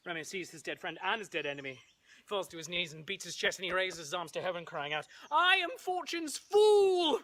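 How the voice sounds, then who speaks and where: A man performing a comic retelling of a play, playful and animated, with asides and sound effects. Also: on the high side, fast. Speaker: comedic Shakespeare performer. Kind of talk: comic storytelling with props.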